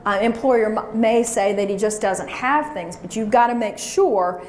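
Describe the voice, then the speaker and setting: A woman's voice: a little high, moderate pace. A woman giving a motivational seminar talk, coaching her audience to repeat phrases after her. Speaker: professional speaker. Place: conference room before an audience. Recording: echoey room with faint hiss.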